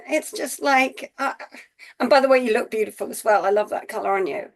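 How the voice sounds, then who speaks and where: Gushing high-voiced woman on a call. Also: brisk. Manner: gushing, effusive, rambling with fillers. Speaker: call participant. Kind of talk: casual group call.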